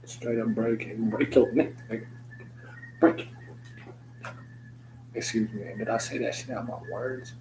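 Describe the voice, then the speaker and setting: A man's voice: medium pitch, level tone, takes it slowly, pauses often, a little mellow, poor audio. A young man rambling through a joking, slangy, stream-of-consciousness vlog with loose swearing. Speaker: vlogger. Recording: noticeable background hum.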